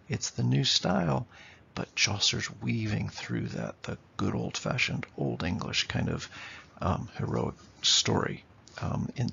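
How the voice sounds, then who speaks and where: A man's voice: medium pitch, gravelly, fairly bright tone, breathy edge, muffled recording. A man teaching literature in a lecture, explaining and tapping out rhythms aloud, often checking in with "okay?". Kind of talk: classroom lecture.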